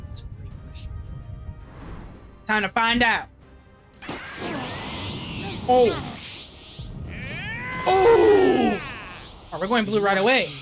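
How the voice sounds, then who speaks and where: A young man commentating his gameplay with loud, hyped yelling, his voice getting hoarse. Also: sits high, sing-song, slow, long pauses, over music. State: losing his voice. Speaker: gaming streamer.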